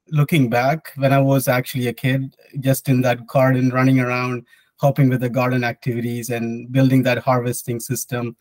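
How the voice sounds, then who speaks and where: A man's voice: medium pitch, darkish tone, dry recording, poor audio. A young man, an engineer, answering interview questions in a sincere, reflective way. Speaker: hydrological engineer and board member.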